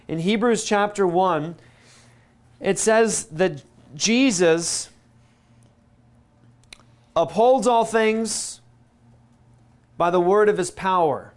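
A man preaching a teaching sermon, emphatic, slowing down and stressing key words, with quick asides in between. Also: high-pitched. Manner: emphatic, slows down on key words and repeats them. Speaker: pastor.

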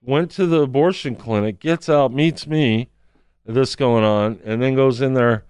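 A man's voice: medium pitch, a little slow, darkish tone, clear, resonant tone, dry recording. A man telling a personal story as a testimony, acting out the people he quotes. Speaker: street counselor.

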